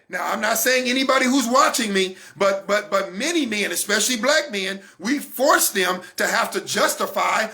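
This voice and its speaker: A man in his forties hosting a weekly faith-based talk, speaking with fervor, repeating phrases for emphasis and rising to shouts. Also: sits high, moderate pace. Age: 40s. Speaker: host of a weekly online talk broadcast.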